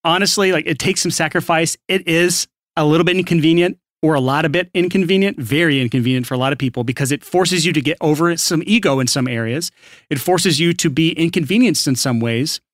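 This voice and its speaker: A man's voice: fairly high pitch, a little fast, dry recording, studio quality. Upbeat man from Alabama, podcast co-host. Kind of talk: casual podcast chat.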